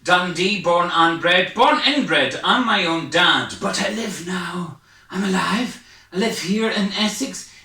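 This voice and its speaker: A Scottish stand-up comedian performs an online set from his home, breathless, jittery and hyper, rambling and poking fun at himself. His male voice sits high and sounds pushed and bright, though his pace is unhurried, and the mic is far off in an echoey room.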